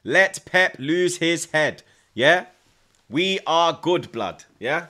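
A young man hosting a live football watchalong, excitable and repetitive, taunting rival fans. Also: on the high side, slow, very noisy. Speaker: host of a football watchalong stream. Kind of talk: live fan reaction stream.

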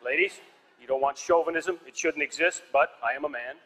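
A man's voice: a little high, a little fast, sharp tone. A man doing a stand-up comedy set on a theater stage, telling stories with dry, punchy one-liners. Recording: live hall reverb with audience noise.

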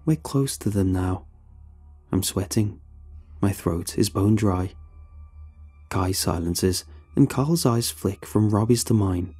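Deep, husky man narrating horror. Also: slow pace, long pauses, mellow, faint music behind.

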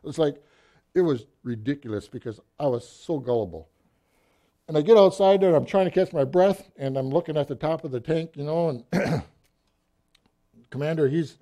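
A middle-aged man tells a story from the pulpit in a relaxed, folksy way. His voice is warm and mellow, at an ordinary middle pitch for a man. He acts out the scenes with lively energy. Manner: folksy, animated storytelling with acted-out quotes. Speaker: church speaker. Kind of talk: storytelling sermon.

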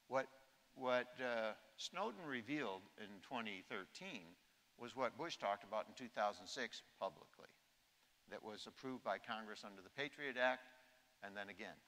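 A man's voice: on the low side, normal speed, bright, forceful tone. Older man telling stories in an echoey hall. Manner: humorous storytelling, acts out quotes. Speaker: keynote speaker. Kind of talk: anecdotal keynote speech. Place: large conference hall.

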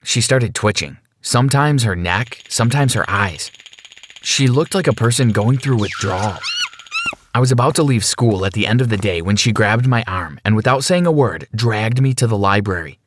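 A man narrating a scripted first-person story with dramatic, expressive delivery. His voice sits fairly low for a man, with faint noise behind it. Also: normal speed.

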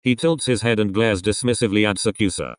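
A man narrating a fan story in an audiobook style, with steady, unhurried storytelling. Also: fairly low pitch, no room sound. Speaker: fan fiction reader.

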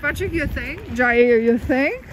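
A woman's voice: sits high, animated, unhurried, muffled recording. A woman chatting casually on a live stream as she walks a busy city street, giggling often, on a handheld phone. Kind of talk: casual walking livestream. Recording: loud street noise outdoors.

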